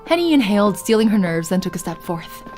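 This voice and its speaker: A woman's voice: medium pitch, sing-song, fast talker, darkish tone, faint music behind. A young woman streamer narrating a visual novel and chatting with her viewers, laughing often. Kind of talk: let's play narration and chat.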